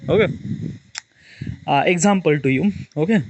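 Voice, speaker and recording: A man's voice: fairly high pitch, normal speed, darkish tone, no room sound, highs cut off. A man from Maharashtra with an Indian accent, talking in a rambling, casual monologue with lots of fillers and restarts. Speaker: vlogger.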